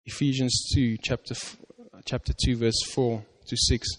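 A man preaching a sermon, reading scripture slowly and earnestly with stress on "you", often restarting his words. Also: mid-range voice, flat delivery. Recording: long hall reverb.

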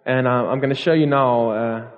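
A pastor with a mid-range voice preaches to his congregation in a church hall at normal speed and a steady tone. He's earnest, repeating phrases and restarting, and the recording is dull with long hall reverb.

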